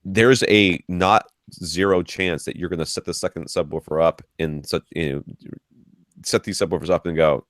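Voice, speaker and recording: A man's voice: sits low, fairly even intonation, normal speed, a bit bright, no echo, studio quality. A man co-hosting a podcast, explaining listener advice at length in a chatty way with restarts. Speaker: podcast co-host. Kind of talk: casual advice chat. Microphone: podcast mic.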